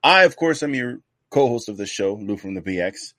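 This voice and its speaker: A man's voice: lowish voice, animated, brisk, pushed and bright, no room sound. A man co-hosting a casual podcast, rambling loosely and swearing freely as he chats. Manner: loose, profane, rambling banter. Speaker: podcast co-host.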